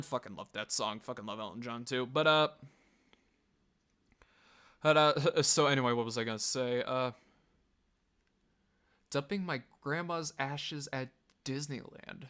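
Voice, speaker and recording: A man's voice: medium pitch, a little slow, long pauses, fairly bright tone, smooth. A man casually reviewing and reading out online comments, rambling, swearing and laughing as he goes. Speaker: video reviewer.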